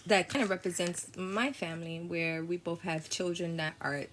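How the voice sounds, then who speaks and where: A woman's voice: lowish voice, normal speed, a bit bright, a little hiss or hum. Chatty mother on a home livestream. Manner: chatty and motherly, talks to her child and to viewers. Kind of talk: casual livestream chat.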